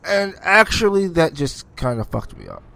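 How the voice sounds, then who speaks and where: A man narrates his own gameplay in a loose, excitable way. His voice sits a bit high and swings widely in pitch, and he curses and taunts enemies as he goes. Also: moderate pace, creaky. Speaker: gameplay commentator. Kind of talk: casual gameplay commentary.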